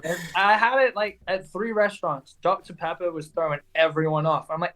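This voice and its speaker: A young man from England whose accent now sits somewhere between English and Southern American. He tells his stories with loose, chatty energy, dropping "dude" and "like" all the time. His voice sits a little high for a man. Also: fairly even intonation, a little fast, bright, forceful tone. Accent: mixed English and American Southern. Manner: chatty storyteller, says "dude" and "like" a lot. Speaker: motorcycle racer guest. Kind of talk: casual chat.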